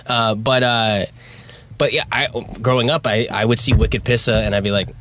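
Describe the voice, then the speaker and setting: A man's voice: medium pitch, steady tone, moderate pace, a bit bright, a little hiss or hum. Rambling man. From Worcester, Massachusetts. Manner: loose, rambling storyteller. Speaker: comedian guest. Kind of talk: casual radio chat.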